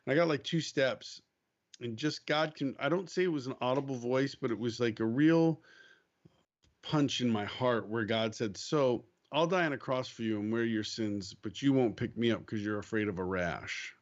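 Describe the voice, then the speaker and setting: A man speaking as a guest on a faith podcast, telling a story in a casual, animated way, acting out quoted lines and laughing easily. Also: medium pitch, normal speed, highs cut off. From United States.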